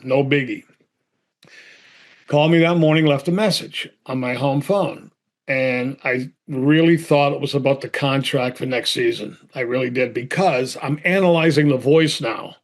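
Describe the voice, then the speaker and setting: A middle-aged man from Boston, an actor telling a story in an interview, acting out both sides of phone calls and stammering when excited. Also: fairly high pitch. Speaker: actor guest.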